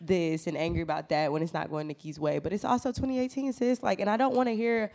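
A woman's voice: on the low side, fairly even intonation, fast talker, a little mellow. A woman co-hosting a casual gossip chat, blunt and opinionated. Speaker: podcast co-host.

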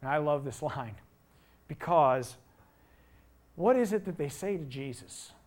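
A middle-aged man delivers a sermon in a slightly higher voice. He tells the story with rhetorical questions, then pushes to loud, emphatic peaks. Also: lively intonation, measured pace. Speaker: pastor.

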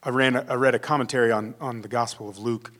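A man's voice: medium pitch, steady tone, fast, fairly bright tone. Conversational male pastor preaching. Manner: conversational, acts out quotes. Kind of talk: sermon.

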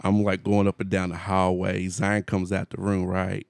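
A man in his forties telling a story in casual chat, animated, laughing often, with slangy phrasing. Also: deep voice, moderate pace, creaky, clean tone, no room sound. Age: 40s.

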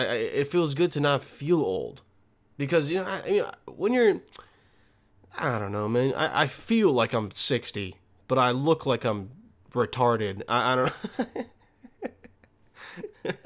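A young man riffs through a casual comic monologue, swearing freely and drifting from one tangent to the next. His voice sits at an ordinary middle pitch. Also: fairly bright tone. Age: young adult. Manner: profane, joking, rambling. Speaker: student.

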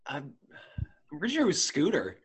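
A man's voice: on the high side, huge pitch swings, fairly quick, breathy edge. A man playing a trivia quiz, thinking aloud hesitantly before he answers. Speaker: quiz contestant. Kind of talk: casual chat.

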